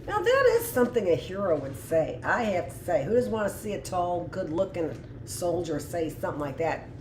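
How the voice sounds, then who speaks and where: A woman's voice: fairly low pitch, moderate pace, echoey room, noisy background. A woman teacher reading a history book aloud to a class, stopping for chatty asides and correcting her own slips.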